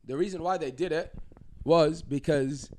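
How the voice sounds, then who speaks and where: A man's voice: on the high side, normal speed. A young man co-hosting a podcast, telling stories in casual chat and calling everyone "bro". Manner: animated storyteller, peppers talk with "bro". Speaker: podcast co-host.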